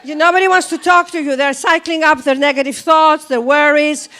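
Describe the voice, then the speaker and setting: Animated Greek-accented woman speaker. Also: high voice, brisk. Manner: animated storytelling, swooping up and down. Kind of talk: motivational talk.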